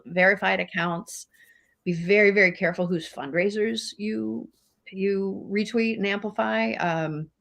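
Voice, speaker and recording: A woman co-hosting a podcast in a loose, conversational discussion. She talks earnestly and with emphasis, repeating words for stress and filling pauses with small hesitations. Her voice sits at an ordinary middle pitch. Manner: earnest, emphatic, many fillers. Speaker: podcast co-host. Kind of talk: casual discussion.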